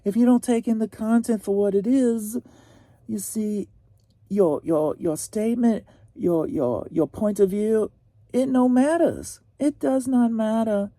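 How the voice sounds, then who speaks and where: A man's voice: sits high, a little slow, warm tone, no echo, voice pushed up. A man putting on a snooty posh know-it-all. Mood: condescending. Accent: put-on posh accent. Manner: pompous, condescending.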